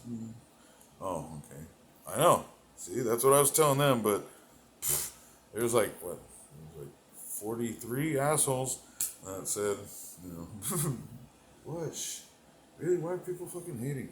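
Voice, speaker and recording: A man delivering a rambling, profane comedic monologue, meandering between thoughts, laughing to himself, and swinging between loud bursts and mumbled asides. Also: on the low side, animated, measured pace, roomy sound, a little hiss or hum, rough recording. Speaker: comedic performer.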